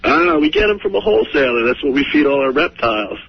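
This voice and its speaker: A man talking as a guest on a radio show, laid-back and quick to laugh. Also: fairly high pitch, sing-song, gravelly, slightly rough, no echo. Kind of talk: casual chat. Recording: dull lo-fi radio recording.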